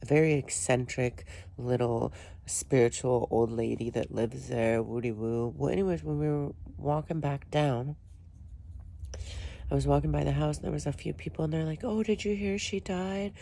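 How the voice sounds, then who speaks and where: A woman vlogger recounting a story in a rambling, unhurried way. Her voice is gravelly with vocal fry and has a dark, mellow tone. She often restarts her sentences and piles up fillers. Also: extremely low pitch, steady tone, a little hiss or hum. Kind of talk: casual storytelling.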